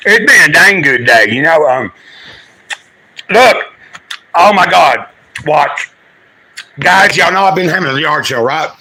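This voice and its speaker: A man's voice: fairly high pitch, very animated, takes it slowly, long pauses, sharp tone, a little hiss or hum, rough recording. A man chatting casually on a livestream, rambling through his day and talking straight to his viewers.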